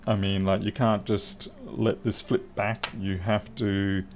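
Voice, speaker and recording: A man's voice: fairly low pitch, flat delivery, slow, slight background noise. A man hosting a live repair stream, talking casually and wryly to viewers as he works on a device. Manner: wry, chatty, answering viewers' comments. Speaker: livestream repair host. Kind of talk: casual live-stream commentary while working.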